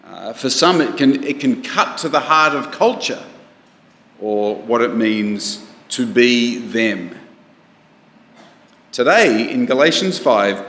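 A male preacher delivers a sermon at a slow, unhurried pace, drawing the congregation in with questions. His voice rings out across a church hall with a long, roomy reverb, as heard on a live stream. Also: medium pitch, fairly bright tone. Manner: conversational, asks the congregation questions.

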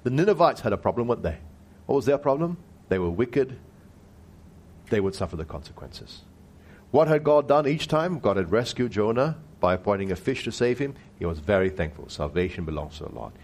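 A man giving an expository Bible teaching who keeps asking his listeners rhetorical questions and slows down to stress key words. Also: lowish voice, big pitch swings, a little mellow.

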